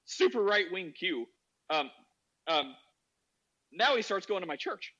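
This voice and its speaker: Male podcast guest, high and sharp-toned, loose rambling storyteller, muffled lo-fi sound. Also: sing-song, a little slow. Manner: rambling, heavy use of "like" fillers. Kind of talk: casual anecdote telling. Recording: dull lo-fi audio.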